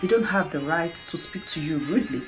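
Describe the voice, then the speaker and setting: A woman's voice: low-pitched, expressive, brisk, music in the background. A middle-aged woman from Nigeria with a Nigerian accent, talking candidly in a casual video monologue, laughing often. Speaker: vlogger.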